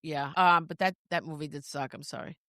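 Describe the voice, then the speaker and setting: A woman's voice: low-pitched, steady tone, a little fast, pushed and bright, no echo, clean studio sound. A woman co-hosting a podcast, chatting casually and often restarting her sentences. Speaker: podcast co-host. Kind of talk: casual chat.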